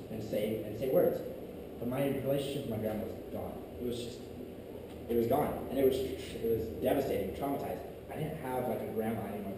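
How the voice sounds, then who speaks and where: A man's voice: mid-range voice, background noise. A young man giving a youth talk, telling a personal story in a casual, rambling way full of "like". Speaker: youth ministry speaker. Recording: echoey distant room audio. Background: room ambience.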